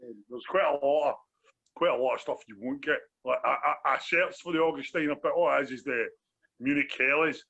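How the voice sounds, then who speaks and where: A Glaswegian man co-hosts a laid-back beer review podcast, rambling, repeating phrases and tossing in "do you know what I mean." His medium-pitched voice is fairly quick, bright and forceful, and the recording sounds dull and lo-fi.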